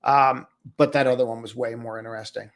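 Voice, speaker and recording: A man's voice: medium pitch, fairly even intonation, fairly quick. Casual chatty man on a live stream. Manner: loose and chatty, calls viewers brother and buddy. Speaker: trading coach hosting a live stream.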